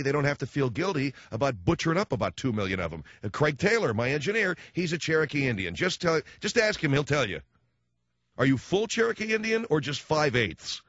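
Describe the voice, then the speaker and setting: A man's voice: medium pitch, no echo. A man hosting a talk radio show, blunt and sarcastic, acting out other people's voices as he goes. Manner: animated, acts out quoted voices. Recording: dull dry studio sound.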